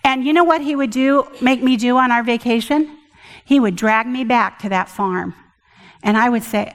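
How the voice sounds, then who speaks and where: An older woman giving an earnest personal testimony at church, halting often and restarting her sentences. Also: on the high side, long reverb tail. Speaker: church speaker.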